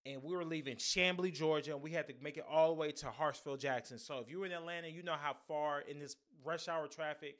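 A man's voice: on the high side, fairly even intonation, fast talker, hardly any pauses, a bit bright. A young man hosting a solo podcast, telling an embarrassing story in a casual, profane, slangy way. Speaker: podcast host.

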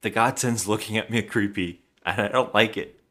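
A man's voice: on the low side, normal speed, sharp tone. A man voicing a frightened young daughter, pleading in his own plain voice.

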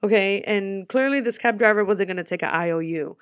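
A young woman from the United States telling a personal story to her viewers in a casual vlog, animated and quick, swearing freely. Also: medium pitch, dry recording, studio quality. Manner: animated, swearing, talks fast in bursts. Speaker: vlogger.

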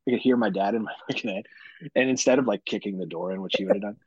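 Podcast dad, husky, swears freely, dull lo-fi sound. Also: male voice, lowish voice, rapid-fire, dry recording. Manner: profane, animated storytelling with mock-dramatic quotes. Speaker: podcast host. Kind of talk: casual storytelling chat.

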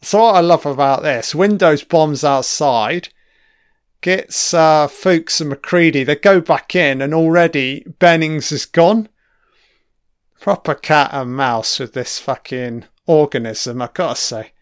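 A man's voice: fairly high pitch, a little slow, smooth, no room sound, studio quality. A man giving a casual audio commentary on a film, swearing freely and rambling with trailing-off asides. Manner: profane, enthusiastic, frequent swearing.

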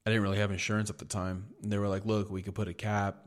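A man with a fairly low voice rambles through a story on a podcast, swearing freely and talking casually. He co-hosts the show and sounds like he is just chatting with a friend. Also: little pitch movement, fast talker. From United States. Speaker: podcast co-host. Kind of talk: casual chat.

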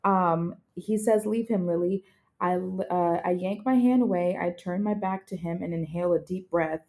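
Low, mellow-voiced young woman chatting. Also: moderate pace. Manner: chatty, acts out scenes and reads passages aloud. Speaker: podcast co-host. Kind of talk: casual book chat.

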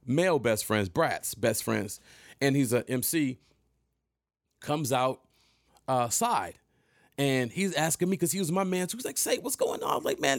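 A man in his thirties tells his viewers a casual, profane story with lots of animation, frequently slipping into other people's voices. His voice is mid-range, and the sound is clean studio audio with no echo.

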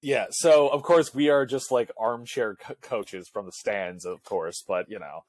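A young man, a college student and section leader, co-hosts a podcast and tells a rambling story packed with "like" and other fillers in a casual chat. His voice sits on the low side and he speaks unhurriedly. There's no room sound.

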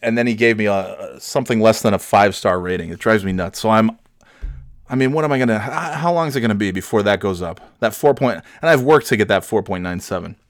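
A man's voice: lowish voice, quick pace, no room sound. A young man hosting a podcast, telling rambling, profane stories with self-deprecating humor on a studio mic. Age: young adult. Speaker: podcast host. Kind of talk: casual storytelling.

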